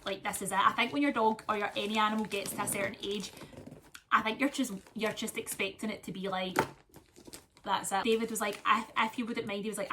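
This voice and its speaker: A woman's voice: medium pitch, noisy background. A Scottish woman vlogging at home, telling a long rambling story in casual chat while wrapping gifts. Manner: chatty, rambling storytelling with asides.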